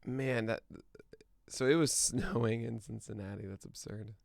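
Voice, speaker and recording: Man, podcast host, casual livestream chatter, mumbling asides, gravelly fry, dry close sound. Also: mid-range voice, fairly even intonation, dry recording. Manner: thinking aloud, mumbling asides, quick laughs. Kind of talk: casual livestream chat before a show.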